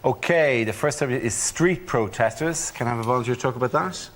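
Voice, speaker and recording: A man hosting a comedy panel show, briskly announcing each topic and calling on the comedians. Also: medium pitch, a bit bright, a little hiss or hum. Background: studio audience.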